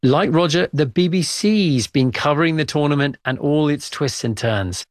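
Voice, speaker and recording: A man's voice: a little high, lively intonation, moderate pace, no echo, studio quality. A man hosting a news program, introducing a guest and asking questions with some hesitant fillers. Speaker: host. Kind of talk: news podcast presenting.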